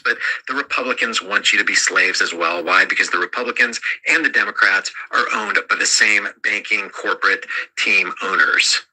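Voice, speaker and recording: A man's voice: on the low side, sharp tone, low-quality recording. A man delivering urgent, warning political commentary.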